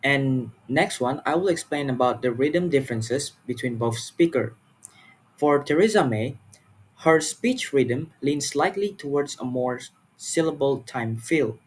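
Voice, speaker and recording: A young man from Malaysia, giving a class presentation in an earnest, halting way, often repeating words and filling pauses. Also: mid-range voice, slight background noise. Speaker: student presenter.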